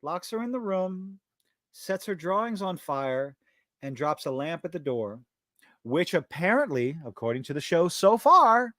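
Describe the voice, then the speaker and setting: A man hosts a live-stream podcast in a fed-up, profane rant. His voice sits a little high, and the sound is dry and close with no room echo. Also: very animated, unhurried, sharp tone. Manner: profane, exasperated ranting. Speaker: podcast host.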